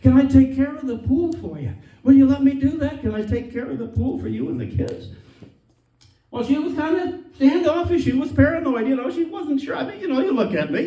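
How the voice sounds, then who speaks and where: A man's voice: high-pitched, a little mellow. A man doing stand-up comedy, telling a long folksy story and laughing at his own jokes. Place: theater stage. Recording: roomy theater sound from a distance.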